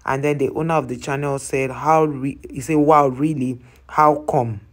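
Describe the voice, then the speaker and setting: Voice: mid-range voice, steady tone, normal speed. A travel channel host, reading out viewer comments in a casual way, reacting to each one and explaining it to the listener.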